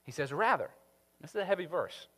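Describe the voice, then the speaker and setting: Animated preacher in a reverberant hall. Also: male voice, fairly high pitch, brisk. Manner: animated, rising to emphatic peaks then dropping soft. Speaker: pastor. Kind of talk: sermon.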